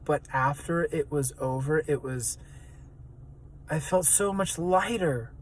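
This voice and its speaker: A man's voice: fairly high pitch, slow. A man vlogging in an earnest, searching way, with many fillers as he reflects. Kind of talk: reflective personal vlog.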